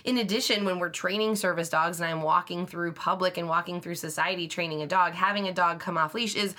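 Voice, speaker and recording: A woman's voice: on the low side, steady tone, a little fast, sharp tone. A woman who trains service dogs, co-hosting a podcast in chatty casual talk.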